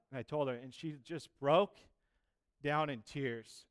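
A man preaching a sermon, telling a personal testimony in a chatty, lively way and acting out the voices of people he quotes. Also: on the high side, unhurried. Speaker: pastor.

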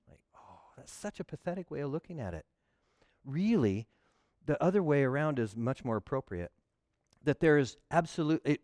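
A man preaching a sermon to a congregation, animated and humorous, acting out the voices of churchgoers to make his points. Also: mid-range voice, dry recording, studio quality. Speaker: pastor.

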